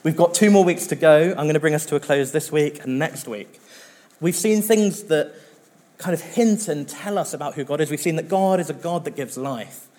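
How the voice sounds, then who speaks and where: A male pastor preaching a sermon in an earnest, conversational way, with now and then a filler pause. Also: a little high, dark tone.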